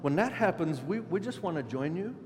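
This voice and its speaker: A preacher voicing eager, wheedling disciples. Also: male voice, on the high side, sing-song, a little fast, darkish tone, soft background music, voice pushed up. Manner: wheedling, pleading. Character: eager ambitious male disciples begging favors. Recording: echoey hall with faint hum.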